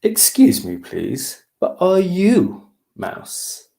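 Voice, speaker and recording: A man's voice: sits high, wildly swooping pitch, drawn-out words, vocal fry, mellow, voice pushed up, exaggerated voice. A man voicing a brave, polite little male kitten in a children's storybook reading, eager and bold.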